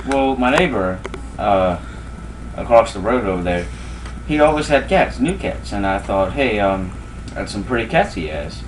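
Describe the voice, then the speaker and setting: A man's voice: fairly low pitch, big pitch swings, normal speed, distant mic, a little hiss or hum, rough recording. An amateur actor playing an unrepentant, cat-obsessed male thief who talks in a matter-of-fact, rambling way.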